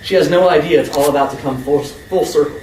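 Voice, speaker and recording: A young American man reading his own first-person story aloud to a live audience, with expressive, emphatic delivery. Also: on the high side, fast talker. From United States. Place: convention room with an audience. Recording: echoey room, far from the mic, faint hum.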